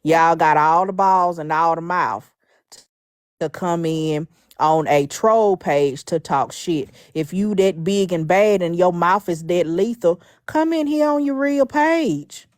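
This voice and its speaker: A woman's voice: fairly low pitch, takes it slowly, no room sound, studio quality. A woman guest on a live stream, talking blunt and mocking, trash-talking freely. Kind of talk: casual live-stream chat.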